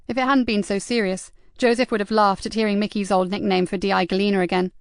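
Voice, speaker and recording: A woman narrating an audiobook in an even, measured storytelling manner. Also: medium pitch, clear, resonant tone, no room sound, clean studio sound. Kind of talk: scripted narration.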